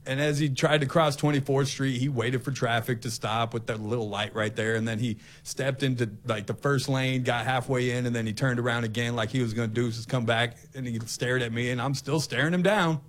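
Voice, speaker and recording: A man's voice: medium pitch, a little fast, hardly any pauses. A middle-aged man hosting a talk show, telling a story with energy and acting out the confrontations. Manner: animated storyteller, acts out confrontations. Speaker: radio host.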